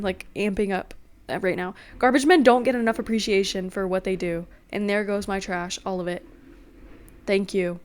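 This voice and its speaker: A woman's voice: medium pitch, no room sound. A young woman rambling in a casual, self-deprecating solo chat at home. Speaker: podcast host.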